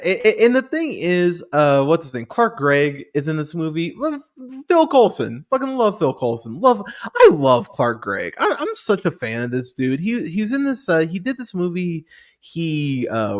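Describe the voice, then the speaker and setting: A man hosting a movie podcast, rambling through a profane casual review with lots of restarts and fillers. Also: a little high.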